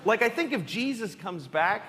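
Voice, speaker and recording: A male comedian telling a wry, exasperated story, with sudden loud outbursts. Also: high-pitched, big pitch swings, moderate pace, echoey room, very noisy. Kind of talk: stand-up and talk show chat.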